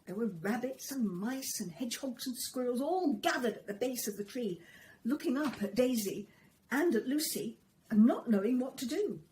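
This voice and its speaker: A woman reading a children's story aloud, in a gentle, expressive storytelling manner. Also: on the high side, normal speed, a little hiss or hum, poor audio.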